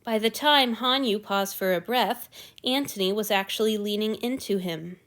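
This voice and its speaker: A woman narrating a fan fiction story aloud with a steady, expressive reading. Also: mid-range voice, moderate pace. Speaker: story reader.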